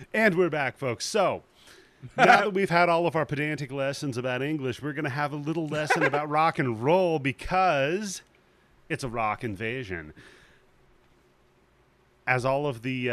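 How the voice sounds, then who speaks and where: A man's voice: medium pitch, animated, measured pace, a bit bright. A man co-hosting a podcast in casual chat, sarcastic and swearing. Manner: sarcastic, profane. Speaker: podcast co-host.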